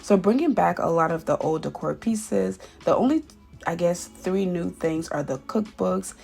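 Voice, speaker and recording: A woman's voice: on the low side, moderate pace, creaky. A woman chatting casually as she narrates her home decorating, often repeating words for emphasis. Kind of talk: casual voice-over vlog. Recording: soft background music.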